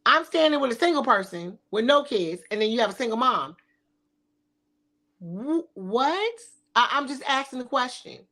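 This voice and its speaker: A woman's voice: on the high side, expressive, fairly quick, few pauses, pushed and bright. A middle-aged woman hosting a talk show, speaking bluntly and sassily with frequent swearing. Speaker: podcast host. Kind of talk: provocative casual talk.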